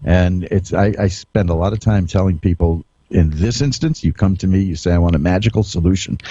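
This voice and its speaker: A man's voice: low-pitched, normal speed, warm tone, no echo, lo-fi sound. A man hosting a psychic radio show, telling folksy stories in a rambling way with chuckles and restarts. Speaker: psychic radio host and tarot reader. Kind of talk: radio monologue, anecdotal.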